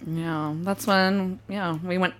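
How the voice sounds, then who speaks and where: A female podcast co-host in relaxed comedic banter, her voice a little lower than most women's. She teases her partner, laughs readily and snaps back with quick, dry retorts.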